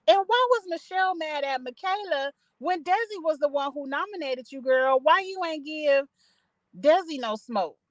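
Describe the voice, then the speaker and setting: A woman's voice: high voice, a bit bright, dry recording, poor audio. Chatty woman vlogging from her parked car. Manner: chatty, gossipy and opinionated, with frequent asides. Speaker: reality TV recap vlogger. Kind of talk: casual reality show recap. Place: parked car in a parking lot.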